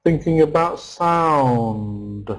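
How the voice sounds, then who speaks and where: A man's voice: a little high, animated, drawn-out words, poor audio. A man teaching an online pronunciation lesson, patiently repeating each word and counting its syllables. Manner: patient, explains the stressed vowel sound step by step. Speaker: English teacher.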